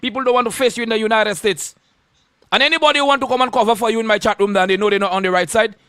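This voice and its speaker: A man with a Saint Lucian accent rants on the radio, his voice sitting unusually high for a man. He hurls insults and keeps repeating his warnings in a combative, confrontational way. The sound is dry, with no room echo. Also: racing, sharp tone. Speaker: radio host. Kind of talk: on-air rant.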